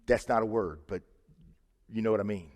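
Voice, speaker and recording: A man preaching a sermon in a church, earnest and conversational, swinging between loud emphasis and quiet asides. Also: on the low side, moderate pace. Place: church sanctuary. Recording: reverberant church hall.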